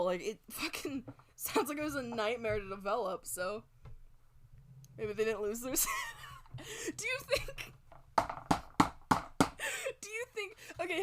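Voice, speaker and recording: A woman's voice: fairly high pitch, a bit bright, slight background noise. A woman streamer chatting casually and rambling, swearing a lot and laughing often, on a close desk mic at home. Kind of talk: casual stream chat while drawing.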